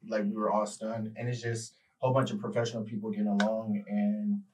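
A man on a reality show cast, talking in a relaxed, laid-back way in an interview. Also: on the low side, a little fast. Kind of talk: casual interview. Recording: distant mic with background hiss.

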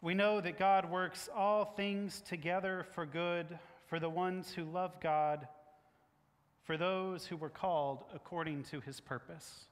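A man leading worship, thanking a speaker and reading scripture in a formal, measured way. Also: high-pitched, steady tone. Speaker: pastor. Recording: reverberant church sanctuary.

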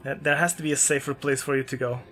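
A man giving let's play commentary on a horror game, excitable and yelping whenever something startles him. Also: fast talker, slight background noise. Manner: excitable, yelps and jumps high when scared. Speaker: gaming YouTuber. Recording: game music playing behind.

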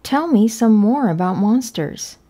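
A woman reading aloud voices an excitable young girl who is hiding a monster, lifting her voice high and eager. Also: unhurried. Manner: bright, raised and eager.

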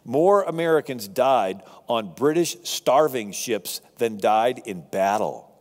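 A man lecturing on history, telling it as a lively story to a live audience with asides. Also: medium pitch, slow pace, big-room sound. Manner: animated, conversational storytelling with asides. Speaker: speaker on history.

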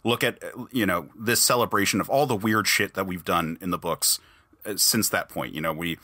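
Bright-voiced man chatting excitedly. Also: low voice, moderate pace, no echo. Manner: rambling, enthusiastic, many restarts. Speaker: podcast host. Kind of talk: casual podcast chat.

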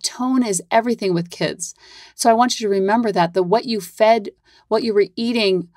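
A woman's voice: mid-range voice, normal speed, a little mellow, dry recording, clean studio sound. A woman hosting her own parenting podcast, chatting casually in a Valley-girl-ish way full of "like". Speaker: podcast host and parent coach.

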